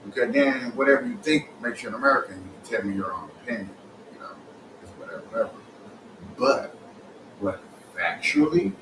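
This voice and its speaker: A man giving casual, animated reaction commentary, colloquial and repetitive, laughing as he talks. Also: medium pitch. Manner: animated, colloquial, repeats himself, laughs while talking. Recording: roomy and distant with loud background noise.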